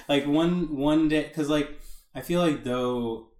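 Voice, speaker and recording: A man's voice: mid-range voice, unhurried, darkish tone. A man co-hosting a casual chat, talking in an easygoing, hesitant way with many fillers. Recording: echoey room.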